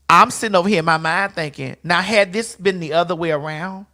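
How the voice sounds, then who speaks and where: A talk show host speaking in an animated, emphatic way, repeating phrases and swearing. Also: female voice, on the low side, a little fast, few pauses. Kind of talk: casual chat, heated commentary.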